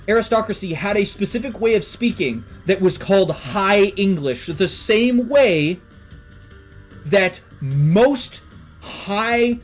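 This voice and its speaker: A streamer, chatting casually on a live stream and going off on excited, swear-filled tangents. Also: medium pitch, rough recording. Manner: rambling enthusiastic tangents with swearing.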